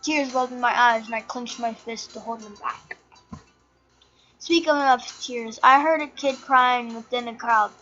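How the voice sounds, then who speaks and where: Girl reading a story game out loud, stumbles n fixes words, high bright voice, kinda muffled w/ faint music. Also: unhurried. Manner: chatty, stumbles and self-corrects while reading. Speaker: channel host reading a game. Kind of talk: reading a visual novel aloud.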